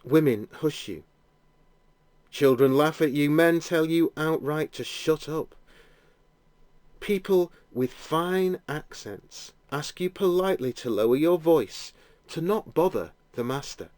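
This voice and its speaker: A man narrating a guided imaginative prayer, telling the scene gently in the second person. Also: a little high, lively intonation, slow pace, dry recording.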